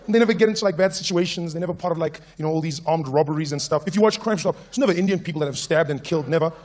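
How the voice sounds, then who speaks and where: A man with a South African accent doing a stand-up comedy routine on stage, telling animated stories and putting on the voices of people he has met. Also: a little high, very fast. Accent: South African English. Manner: animated storytelling, puts on voices of people he meets. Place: comedy stage with a live audience.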